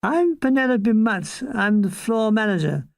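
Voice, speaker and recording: A woman's voice: medium pitch, sing-song, a little slow, creaky, darkish tone, no echo, studio quality. An older woman doing a prim, officious young floor manager.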